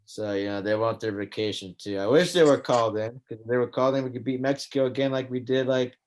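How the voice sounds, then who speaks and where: A relaxed man co-hosting a sports podcast, voice sitting in a middle pitch. He talks loosely, drops the odd swear word and lets sentences trail off as he goes. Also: fast talker, a little hiss or hum. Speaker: podcast co-host. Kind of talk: casual sports chat.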